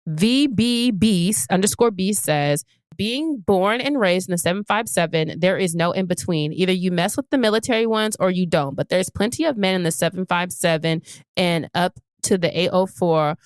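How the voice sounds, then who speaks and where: A woman's voice: lowish voice, normal speed, clear, resonant tone, dry recording. A woman co-hosting a podcast, reading listener comments aloud in casual chat and laughing often. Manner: animated, laughs often, playful. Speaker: podcast co-host.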